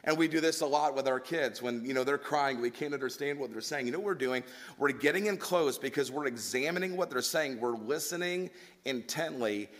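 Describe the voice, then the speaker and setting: A man's voice: a little high, fairly bright tone. Earnest male preacher delivering a sermon. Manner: earnest, emphatic storytelling with rhetorical questions.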